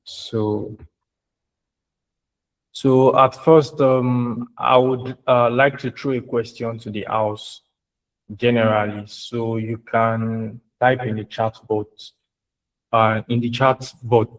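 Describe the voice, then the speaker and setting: Man, online teacher, very slow, halting, repeats himself. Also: mid-range voice, level tone, rough recording. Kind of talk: online lecture.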